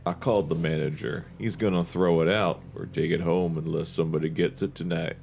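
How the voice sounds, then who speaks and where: A man voicing a dim, sly teenage boy with a low, sleepy Southern drawl while reading a book aloud. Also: fairly even intonation, fairly quick, gravelly, a little mellow, faint music behind. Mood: lazy. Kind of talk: comic book reading with voices.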